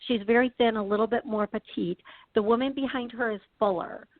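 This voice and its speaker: A woman from the Midwest hosting a call-in radio show as a psychic medium, chatty and quick, with many restarts and laughs. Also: on the high side, fairly even intonation, no echo, phone-quality sound.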